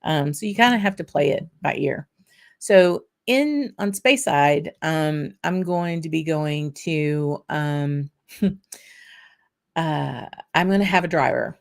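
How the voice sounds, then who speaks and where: A woman with a Southern US accent hosting a casual whisky livestream, chatting in a rambling way with many ums and easy laughs, pausing to nose and sip a dram. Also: deep voice. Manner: tasting and sipping between remarks. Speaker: whisky show host.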